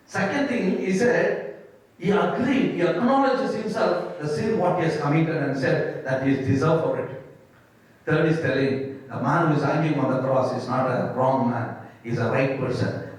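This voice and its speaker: A man preaching a sermon as pastor, emphatic, repeating phrases and asking rhetorical questions. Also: a little high. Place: church hall. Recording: echoey hall, mic at a distance.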